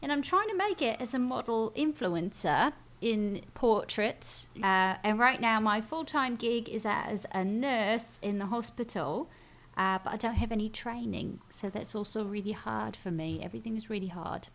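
A woman's voice: on the high side, moderate pace, creaky, a bit bright. A woman doing a glum Victorian chimney sweep. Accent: put-on British. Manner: glum, self-pitying.

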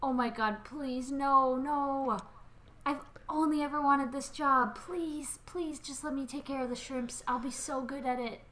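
A woman's voice: sits high, fairly even intonation, a little slow, pushed and bright. A woman playing a flustered, eager casino worker. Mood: pleading. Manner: flustered, pleading. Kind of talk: improvised tabletop role-play.

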